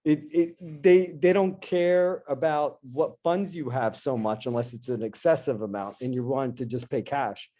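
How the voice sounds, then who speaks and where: A middle-aged man, a guest in an interview, telling a personal story in an animated, casual way and acting out his own past lines. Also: medium pitch, normal speed, few pauses. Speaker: interview guest, dentist and investor.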